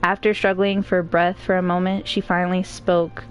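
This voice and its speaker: A woman streamer reads a novel aloud in a casual, easygoing way, dropping in joking asides. Her voice sits somewhat low. Soft music plays faintly behind her. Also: little pitch movement, normal speed.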